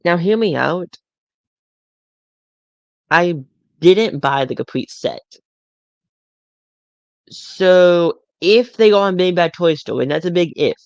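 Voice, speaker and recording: A man rambles through a casual live stream about toys, tripping over his words and repeating himself. His voice has a gravelly fry to it. The sound is dry and close, with no room echo. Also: high-pitched, expressive, takes it slowly, pauses often. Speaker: toy collector streamer.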